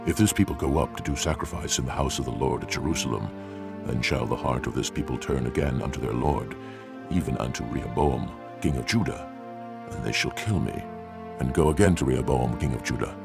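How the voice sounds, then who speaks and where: Cast: a very deep, gravelly, brooding old-style king over loud music. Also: fairly quick. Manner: brooding inner monologue. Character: scheming anxious king fearing betrayal, man. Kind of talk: dramatized scripture reading.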